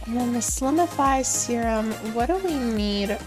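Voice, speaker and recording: Excitable woman narrating a life-sim game. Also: on the high side, measured pace, over music. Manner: excitable, gasps and coos at the game. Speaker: Sims gameplay host. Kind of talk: casual gameplay commentary.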